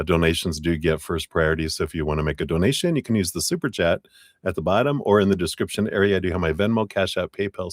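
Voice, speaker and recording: A man's voice: sits low, no room sound, clean studio sound. A man hosting a live tarot reading stream, chatting in an upbeat, friendly way and laughing often. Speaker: tarot reader host.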